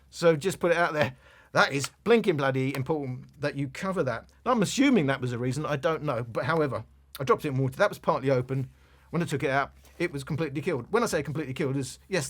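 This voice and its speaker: A Londoner with a broad Cockney accent and a slightly raised pitch talks through a gadget review in a casual, blunt way. He drifts into asides and comes back to the product. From England, London. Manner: chatty, digressive, blunt. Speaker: tech reviewer.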